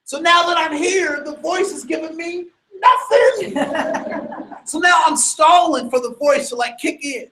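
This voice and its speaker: A man telling a personal story to an audience in an animated way, stammering into restarts and breaking into sudden loud bursts. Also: extremely high pitch, unhurried, rough recording.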